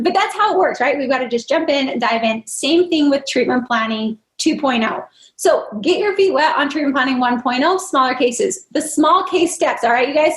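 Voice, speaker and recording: Upbeat and encouraging, a female dental practice trainer quizzes participants in a live online workshop. She speaks with a high-sitting voice, and the sound is reverberant.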